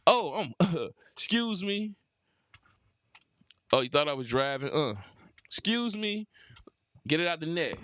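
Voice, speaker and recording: A man's voice: sits high, animated, a little slow, fairly bright tone, dry recording, clean studio sound. Hyped young man trash-talking over gameplay. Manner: hyped, laughing trash talk. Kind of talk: casual gameplay commentary.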